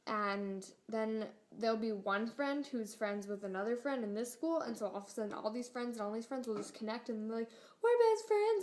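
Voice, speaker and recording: A teenage girl vlogging a rambling, exasperated rant, full of fillers. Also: a little high. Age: teens. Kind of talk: casual rant to camera.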